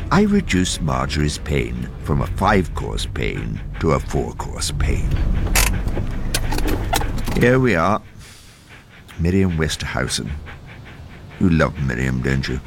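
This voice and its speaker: A man in his sixties playing a dry, deadpan counsellor who also chats softly to his dog. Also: low-pitched, noisy background. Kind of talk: scripted comedy dialogue.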